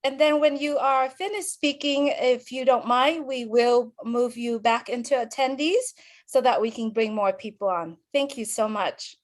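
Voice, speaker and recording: A woman's voice: a little high, unhurried. A woman moderating a live webinar on a video call, politely giving instructions and calling on speakers. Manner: polite, gives clear instructions.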